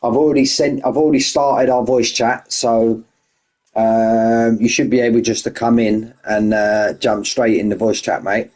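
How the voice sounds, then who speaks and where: A man's voice: medium pitch, fairly even intonation, a little slow, a little mellow. A man hosting an online racing league stream, chatting casually and greeting viewers one by one as mates. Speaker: race league host.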